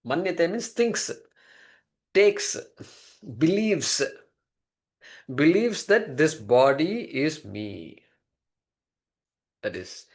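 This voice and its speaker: A man giving a classroom lecture on a Sanskrit text, explaining word by word and posing rhetorical questions. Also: mid-range voice. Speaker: scripture teacher.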